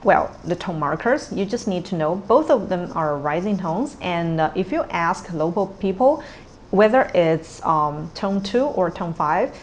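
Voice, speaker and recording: A woman teaching tones in a patient, unhurried way, modelling each word twice. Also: fairly low pitch, lively intonation, slight background noise. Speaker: Cantonese teacher. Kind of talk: tone pronunciation lesson.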